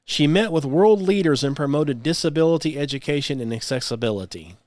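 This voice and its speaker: A man's voice: on the high side, expressive, fairly quick, darkish tone, no room sound. Sarcastic man hosting a talk show. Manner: sarcastic, scoffing asides. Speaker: podcast host. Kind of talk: solo commentary.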